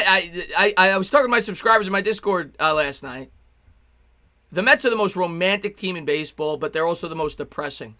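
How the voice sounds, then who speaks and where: A young man calls baseball play-by-play for his live stream, with a high, bright, ringing voice. He is excitable and chatty, breaking off between pitches to greet viewers and read their messages.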